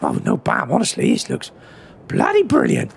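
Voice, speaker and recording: Man doing a raspy, squeaky farmer. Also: huge pitch swings, normal speed, heavily acted. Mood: impressed. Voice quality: raspy, wobbly high voice. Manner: friendly, impressed, lots of "oh"s. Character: cheerful local male farmer neighbour, chatty. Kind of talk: game roleplay.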